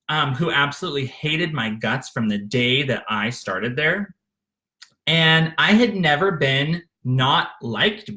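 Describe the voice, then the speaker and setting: A man tells his own life story in a bright, ringing voice that rises and falls in a lively way. He talks candidly and with feeling, catching himself with fillers and restarts as he goes. It sounds like a close studio microphone. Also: medium pitch. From Arkansas, USA. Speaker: author narrating his memoir. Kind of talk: unscripted memoir narration.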